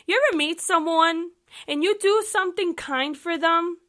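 Speaking at a normal pace in a very high voice, a young woman reads the Bible on her podcast and chats about it. Her tone is casual, animated and emphatic, and she addresses listeners directly.

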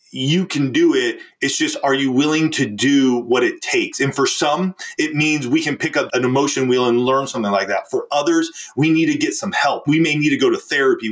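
A relationship coach appearing as a podcast guest tells a client's story in conversational style. His medium-pitched, fairly bright voice sounds earnest and emphatic, and he acts out the quoted speech.

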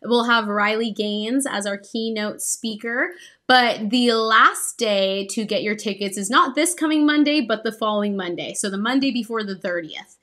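Young woman cohost telling a story, earnest n animated, lots of likes and ums, kinda high voice. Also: moderate pace. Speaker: podcast co-host. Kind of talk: casual personal storytelling.

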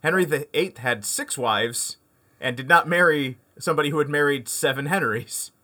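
A man's voice: a little high, moderate pace, sharp tone. A man co-hosting a casual podcast, joking around and breaking into silly song lines. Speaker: podcast co-host. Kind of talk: casual chat.

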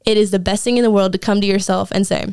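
Young woman guest telling her testimony, earnest and emotional, smooth clear voice, dry close sound. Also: mid-range voice, steady tone, fast talker, a little mellow, no room sound. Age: young adult. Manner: earnest, emotional, frequent "like" fillers. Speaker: interview guest, Bible school student. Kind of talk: personal testimony in conversation.

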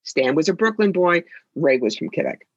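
Sassy, husky-voiced woman psychic. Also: deep voice, big pitch swings, normal speed, no room sound, highs cut off. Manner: sassy, theatrical storyteller. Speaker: psychic and author. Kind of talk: interview conversation.

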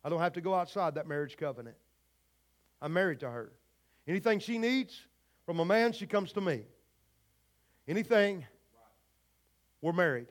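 A high-pitched man preaching in church, talking straight at his congregation. His delivery is fervent and folksy, the plain style of a pastor in the pulpit. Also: animated, moderate pace, pauses often. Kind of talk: sermon. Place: church service before a congregation.

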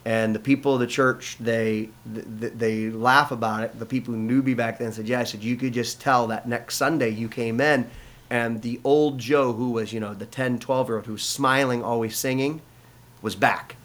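A man's voice: mid-range voice, steady tone, moderate pace, a bit bright. A middle-aged man from the United States, a pastor, telling his personal testimony in an interview, earnest and full of restarts and fillers.

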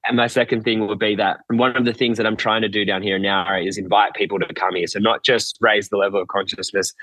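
An Australian man, a podcast guest on a video call, speaking earnestly and warmly with halting fillers in casual chat. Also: fairly low pitch, level tone, no room sound, rough recording.

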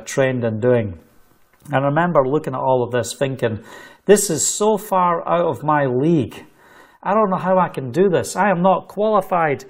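A man telling a story of faith as a sermon, animated and loose, with fillers. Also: medium pitch. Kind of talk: sermon testimony.

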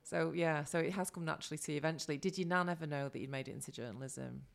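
A woman's voice: low-pitched, racing, gravelly. A woman with a Mancunian accent hosting an interview, chatty and encouraging. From Salford, England. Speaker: podcast host. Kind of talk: casual interview chat.

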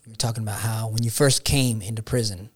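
A man's voice: on the low side, steady tone, fast talker, slightly rough. A man hosting an interview podcast, reflecting and building his points step by step. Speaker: podcast host. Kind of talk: conversational interview.

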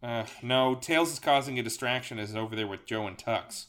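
A man reading a gamebook aloud as game master, laid-back and wry in between passages. His tone is bright and forceful, at an average pitch. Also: moderate pace. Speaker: podcast host and game master.

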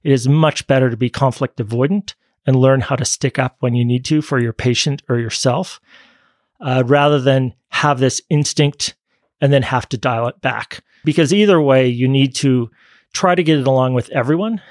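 A man speaking as a podcast guest, calm and measured, in a mid-range voice. The sound is dry and close. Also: mid-range voice, no room sound. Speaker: physician guest. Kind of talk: podcast conversation.

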